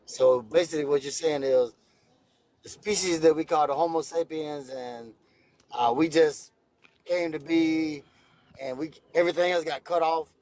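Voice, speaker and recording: A man's voice: on the high side, moderate pace, a little mellow. A man in his fifties calling into a live debate, friendly and stammering with repeated words. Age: 50s. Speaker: caller. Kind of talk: casual debate call.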